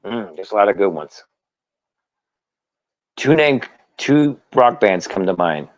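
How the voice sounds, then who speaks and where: A man guest telling stories in an interview, animated and laughing often. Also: on the low side, takes it slowly, dry recording, highs cut off. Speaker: guest, former wrestler. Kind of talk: storytelling interview.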